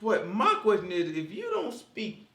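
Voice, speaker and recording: Animated man leading a casual Bible study. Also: sits high, normal speed, creaky, reverberant. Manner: animated, joking, conversational.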